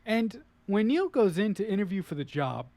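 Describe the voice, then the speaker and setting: A man with a notably high voice talks through a film's story in a relaxed discussion. He rambles and restarts his sentences often. The recording is dry and close, with no room sound. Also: moderate pace, dry recording. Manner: retells the plot loosely, with many fillers and restarts. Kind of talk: casual film discussion.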